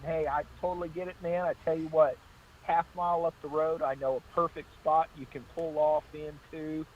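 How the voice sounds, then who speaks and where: Trooper telling road stories, muffled line. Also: male voice, on the high side. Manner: anecdotal, repeats "I said" in acted-out exchanges. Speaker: state trooper guest. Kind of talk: casual call-in storytelling.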